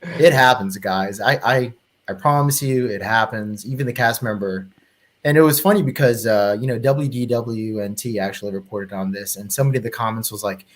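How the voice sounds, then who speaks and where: A man's voice: fairly low pitch, a little fast. A man telling a story in casual podcast chat, swearing freely and acting out what people said. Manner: animated profane storyteller, acts out quotes. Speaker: panelist.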